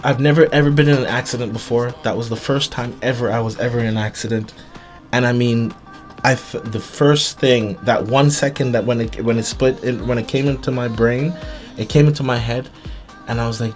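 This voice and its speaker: A man telling a personal story to his viewers in an earnest, halting way, with many restarts and repeated words. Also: medium pitch, fairly even intonation, soft background music. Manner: earnest, emphatic retelling. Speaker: vlogger.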